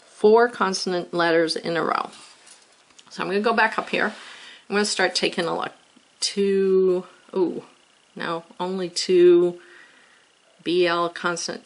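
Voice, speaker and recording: A woman's voice: lowish voice, fairly bright tone. A woman teacher giving a recorded spelling lesson, thinking aloud patiently as she works through the words.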